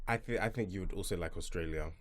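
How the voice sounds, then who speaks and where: Young guy telling stories on a podcast, easygoing and jokey, kinda low voice. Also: fast talker, a bit bright. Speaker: podcast guest. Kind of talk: casual chat.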